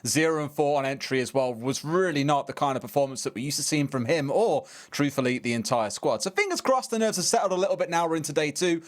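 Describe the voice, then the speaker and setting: A man's voice: on the high side, quick pace, hardly any pauses. Jokey esports caster, a man. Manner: jokey, bantering. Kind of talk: esports pre-match commentary.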